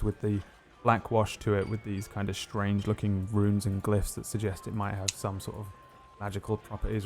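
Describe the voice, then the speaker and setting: A man narrating a tabletop game as game master, describing scenes with frequent pauses. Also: on the low side, vocal fry.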